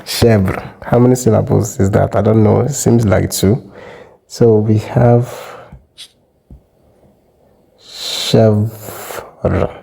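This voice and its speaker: Male language teacher, dark mellow tone, patient step-by-step explainer. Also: on the low side, steady tone, gravelly, slightly rough, low-quality recording. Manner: methodical, repeats example words slowly. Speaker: French teacher. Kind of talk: explanatory lesson.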